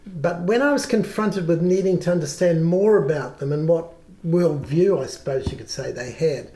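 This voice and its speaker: An older man with a New Zealand accent, a guest telling stories in a relaxed, halting way. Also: fairly high pitch. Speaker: guest, worship songwriter. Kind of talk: reflective storytelling in conversation.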